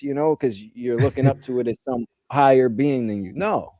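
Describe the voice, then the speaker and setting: Male host, earnest advice-giver, mid pitch, dry recording. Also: moderate pace, warm tone, no echo. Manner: earnest, advising, repeats his points. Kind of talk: casual spiritual discussion.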